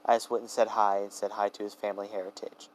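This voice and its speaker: A man voicing a playful, ancient male trickster god who teases and pouts in a breezy way. He speaks in a low voice. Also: level tone, fast talker, slight background noise, natural voice, rough recording. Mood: teasing. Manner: teasing, pouty and breezy.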